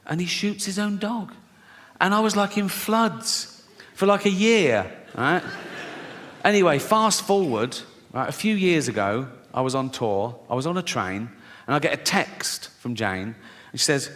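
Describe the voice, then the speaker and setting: A man's voice: mid-range voice, animated, a little slow. A man doing a profane, mocking stand-up routine and laughing at his own jokes. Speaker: stand-up comedian. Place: large theatre stage. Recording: live hall with loud crowd laughter.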